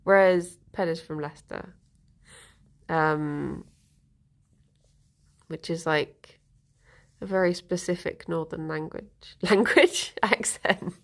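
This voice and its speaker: A woman's voice: lowish voice, takes it slowly, pauses often. A young woman chatting casually on a live stream, giggling and answering viewer comments.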